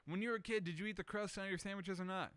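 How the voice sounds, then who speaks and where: A man's voice: high-pitched, steady tone, racing, a bit bright, clear, resonant tone, dry recording. A young man hosting a casual solo show, rambling through questions in a profane, self-mocking way. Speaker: podcast host answering questions.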